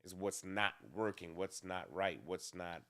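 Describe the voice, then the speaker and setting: A man co-hosting a casual talk show about marriage, speaking in a deliberate, measured way with some restarts. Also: low-pitched, steady tone, sharp tone. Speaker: co-host.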